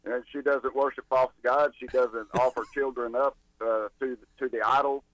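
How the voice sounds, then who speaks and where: A man's voice: mid-range voice, fairly even intonation, moderate pace, a bit bright, no room sound, rough recording. A man speaks as a guest on talk radio, indignant and emphatic. His voice sounds dry and close. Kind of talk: casual radio chat.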